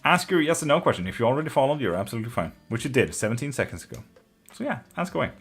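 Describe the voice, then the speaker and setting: A man's voice: medium pitch, sing-song, very fast, fairly bright tone, breathy edge, soft background music. A man hosting a live tarot stream, chatting loosely with viewers, swearing freely and getting openly emotional and affectionate. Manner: loose and profane, swears freely, laughs often. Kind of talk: casual live-stream chat, reading out viewer comments.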